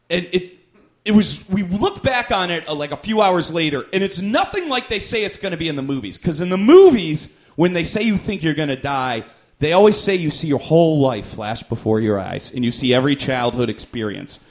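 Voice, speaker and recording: Rambling stand-up comedian man. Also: on the high side. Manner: rambling, self-deprecating delivery with restarts. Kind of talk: stand-up storytelling.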